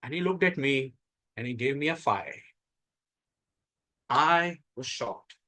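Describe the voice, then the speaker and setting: A middle-aged man from India with an Indian English accent, giving a prepared contest speech with dramatic pauses and emphatic rises. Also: mid-range voice, expressive, sharp tone, low-quality recording. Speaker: contest speaker. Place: club meeting room.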